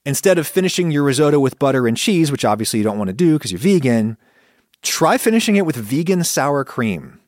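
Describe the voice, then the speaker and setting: A man's voice: mid-range voice, fairly quick, dry recording, studio quality. A man hosting his own podcast, talking through his thoughts in a conversational, reflective way. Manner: conversational, reflective, animated when quoting thoughts. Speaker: podcast host. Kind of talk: solo podcast monologue.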